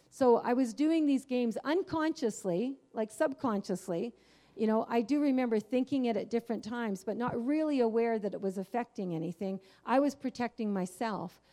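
A woman's voice: medium pitch, mellow. A woman giving a Christian teaching, telling her own story in an earnest, candid way with frequent fillers. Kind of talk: personal testimony in a faith teaching.

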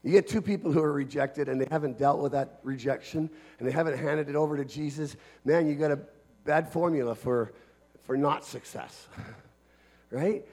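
Male pastor, fairly high voice, earnest emphatic sermon, repeats key phrases. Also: normal speed, a little mellow. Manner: earnest, emphatic preaching with repetition.

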